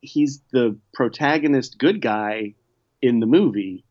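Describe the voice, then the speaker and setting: An easygoing man talking in a relaxed chat, often hesitating and hedging. His voice sits at a middle pitch. The recording sounds a little dull and muffled. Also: unhurried. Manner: easygoing, hesitant, lots of fillers. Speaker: podcast co-host reviewing movies. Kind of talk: casual chat.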